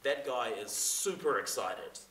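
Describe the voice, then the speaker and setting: This man presents a seminar in a theatre room, chatting casually to the class and often using fillers and restarting sentences. His mid-range voice is animated and a bit bright at a measured pace, captured by a distant mic in an echoey space with slight background noise.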